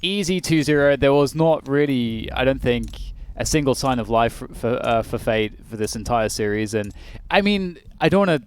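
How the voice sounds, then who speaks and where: A man's voice: medium pitch, normal speed, hardly any pauses, smooth. A man casting an esports match in a dry, wordy, playfully grand way. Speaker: esports caster. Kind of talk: mock-grand play-by-play commentary.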